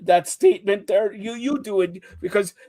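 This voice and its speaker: A man's voice: high-pitched, normal speed. A man hosting a casual sports chat show, teasing his co-hosts and talking over them. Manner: teasing, talks over others, animated.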